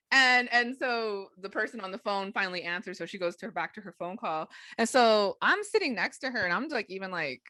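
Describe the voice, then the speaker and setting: Animated woman telling a story, dry sound. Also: medium pitch, moderate pace, no echo. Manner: animated, laughs often, acts out quotes. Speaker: podcast co-host. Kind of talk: casual storytelling chat.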